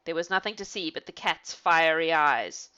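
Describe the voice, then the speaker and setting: A woman reading a fairy tale aloud in an animated way, with laughing asides to her listener. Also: sits low, moderate pace, clean tone, lo-fi sound. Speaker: storyteller. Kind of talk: storybook reading.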